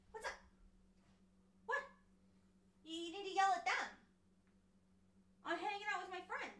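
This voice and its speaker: A woman's voice: very high-pitched, expressive, a little slow, pauses often, fairly bright tone. A woman livestreaming from home while she crochets, chatting playfully with her audience, cooing at her cat and swearing casually. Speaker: streamer.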